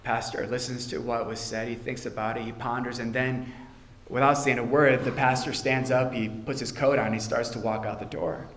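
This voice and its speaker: A man preaching a sermon with earnest emphasis, often dropping to a quiet, intense tone on key points. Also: medium pitch, little pitch movement, moderate pace, slight background noise. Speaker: pastor. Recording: roomy church echo.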